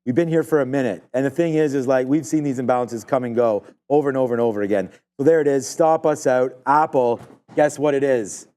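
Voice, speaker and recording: Man, trading stream host, live market commentary, rambling and excitable, warm mellow tone. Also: mid-range voice, brisk. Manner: rambling, excitable, filler-heavy.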